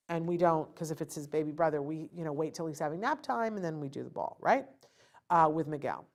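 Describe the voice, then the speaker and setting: Animated woman giving parenting advice. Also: lowish voice. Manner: animated, acts out a child's thoughts and parental lectures. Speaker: host. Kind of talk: live webcast talk giving parenting advice.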